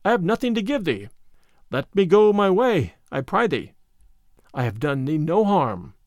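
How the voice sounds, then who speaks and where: A man voicing a gentle, soft-spoken young stranger in old-fashioned speech. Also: sits high, big pitch swings, measured pace, no room sound, clean studio sound. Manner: soft, gentle, mildly mocking.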